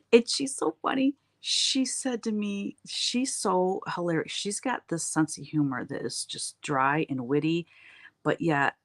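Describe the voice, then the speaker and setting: Middle-aged woman, talkative craft-stream host, rambling storyteller, laughs a lot. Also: sits low. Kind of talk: casual chat with viewers while painting.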